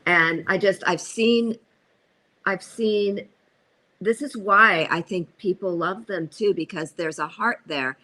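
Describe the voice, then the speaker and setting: A woman's voice: medium pitch, takes it slowly, bright, forceful tone. A woman acting coach hosting an interview, speaking earnestly and with enthusiasm. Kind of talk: casual interview chat.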